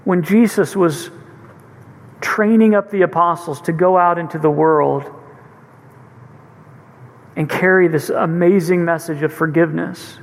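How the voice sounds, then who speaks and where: High-voiced preacher in a reverberant hall. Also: male voice, fairly even intonation, unhurried, gravelly, long pauses. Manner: earnest, retelling scripture with urgency. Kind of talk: sermon.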